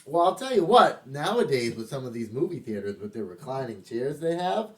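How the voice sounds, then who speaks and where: A man's voice: mid-range voice, big pitch swings, fairly quick, far from the mic. A man co-hosting a podcast in casual banter, joking and swearing freely. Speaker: podcast co-host.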